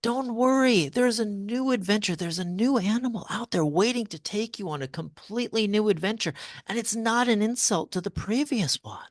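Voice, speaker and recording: A man, an author guest on a podcast, speaking earnestly and telling stories, slowing down to stress points. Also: high-pitched, animated, no room sound, studio quality. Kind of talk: conversational interview.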